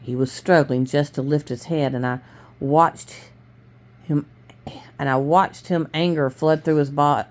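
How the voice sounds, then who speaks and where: A woman reading a novel aloud at home in a dark room, with frequent restarts and self-corrections and little change of voice for the characters. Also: steady tone, a little slow. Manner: low-key, mostly plain voice for the characters. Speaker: reader of a novel.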